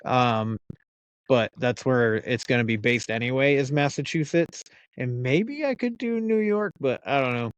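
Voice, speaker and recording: A man's voice: medium pitch, lively intonation, a little slow, clear, resonant tone, dry recording. A man from the United States hosting a podcast, chatting casually with laughs and the odd swear word. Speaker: podcast host.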